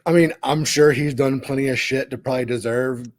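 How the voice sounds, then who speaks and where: A man's voice: medium pitch, steady tone, brisk, dry recording, studio quality. A man with an ordinary mid-range voice talks easily on a casual podcast. He reacts to his friends' stories and laughs along. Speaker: podcast co-host. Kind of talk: casual chat.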